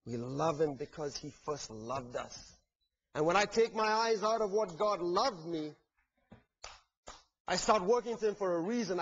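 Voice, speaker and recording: A man with a fairly high voice preaches a sermon, earnest and heartfelt. He swings between fervent, ringing peaks and hushed, soft passages. The recording is dull and lo-fi. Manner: earnest, rising to fervent climaxes then dropping soft.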